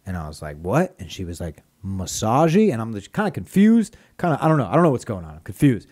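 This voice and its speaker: A man's voice: fairly low pitch, huge pitch swings, fast talker, darkish tone, breathy edge. A young man, a comedian guest on a podcast, telling a rambling, profane story in casual chat. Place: podcast studio.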